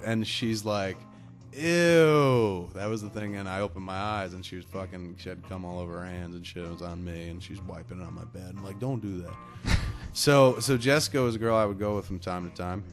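Low-ish guy on a podcast telling a crude rambling story, swears a lot. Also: fairly even intonation, quick pace, hardly any pauses, faint music behind. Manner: profane, rambling anecdote with laughs. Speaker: podcast co-host. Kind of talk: casual chat, storytelling.

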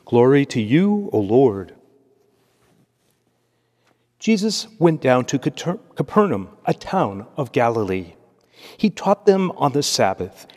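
Priest with long church reverb. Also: male voice, mid-range voice. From United States. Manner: measured, steady reading cadence. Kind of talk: liturgy and homily.

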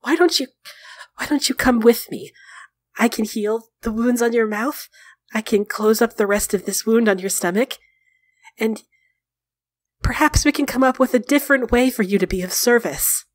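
A woman voicing a protective, caring female warrior who speaks earnestly and gently. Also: mid-range voice, a little slow, no echo, close to an everyday voice. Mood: pleading, gentle.

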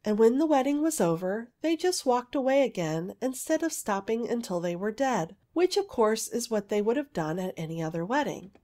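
A woman narrating a fairy tale aloud in a gentle, even storytelling manner. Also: a little high, normal speed, few pauses.

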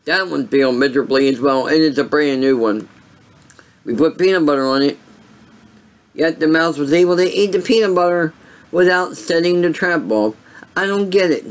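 A man's voice: fairly high pitch, normal speed, rough recording. A tired man casually telling a personal story on his vlog, rambling with many fillers and restarts. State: tired, yawning. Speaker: vlogger.

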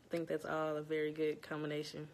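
A woman's voice: sits low, monotone, fast talker. A young woman from Louisiana, chatting casually to viewers at home while nervous before an interview. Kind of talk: casual chat. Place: home, indoors.

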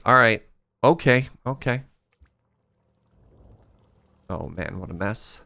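A man streaming a video game live, with playful, excitable commentary. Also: lowish voice, takes it slowly, vocal fry.

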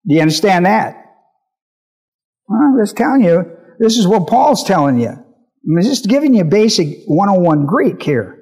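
Emphatic high-voiced male pastor. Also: big pitch swings, normal speed, long pauses, a little mellow, husky. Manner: emphatic, repeats key phrases, checks listeners' understanding. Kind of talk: Bible teaching sermon.

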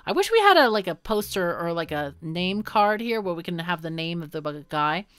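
A woman's voice: fairly low pitch, sing-song, moderate pace, clean tone. A woman hosting a let's play, chatting casually and wryly as she thinks aloud through a game. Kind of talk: casual gameplay commentary.

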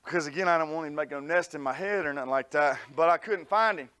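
Man, high-pitched voice, animated preacher, comic storytelling sermon. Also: quick pace, smooth. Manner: animated, folksy storyteller addressing the congregation. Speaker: pastor. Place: church sanctuary.

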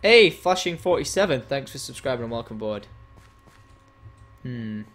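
A young man with a medium-pitched, fairly bright voice speaks at a moderate pace and sounds animated as he plays for his gaming channel. His playful teasing alternates between chatty moments and bouts of frustration.

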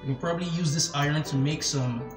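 A young man talks through his game as he plays, excitable and easily spooked, his voice sitting a little on the high side. The sound is roomy, with game music playing clearly behind him. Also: quick pace. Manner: excitable, jumpy, narrates every step, frequent nervous laughs. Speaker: gaming channel host. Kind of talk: casual gameplay commentary.

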